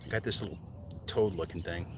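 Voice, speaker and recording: A man's voice: sits low, fairly quick, recorded from a distance. Laid-back man streaming from a kayak. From New Jersey. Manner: laid-back, rambling, talks to viewers while fishing. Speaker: fishing streamer. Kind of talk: casual live-stream chat. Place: kayak on a lake outdoors. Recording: outdoor noise, insects.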